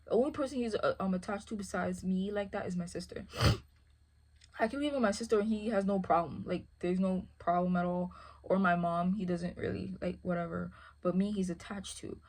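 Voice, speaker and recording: Woman, husky, breathy, casual chat, rambling, service dog handler. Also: on the low side, brisk, a little mellow. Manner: rambling, repeats "you feel me".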